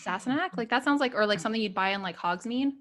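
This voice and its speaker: A woman's voice: on the high side, lively intonation, a bit bright. Playful young woman podcast co-host. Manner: playful, guessing, quick to laugh. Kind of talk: casual chat.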